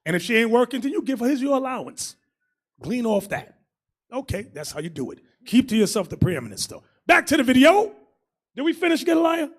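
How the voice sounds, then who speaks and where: Male street preacher, high animated voice, loud bursts. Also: a little fast. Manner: preachy, shouting bursts, swings loud and soft. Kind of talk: street sermon commentary.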